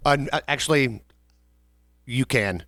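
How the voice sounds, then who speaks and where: A man's voice: mid-range voice, a little slow, no echo. A young man with a Southern American accent, co-hosting a casual chat and telling a story from his bartending job, acting out the customers. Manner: animated, acts out customers in quoted voices. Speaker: podcast co-host, bartender.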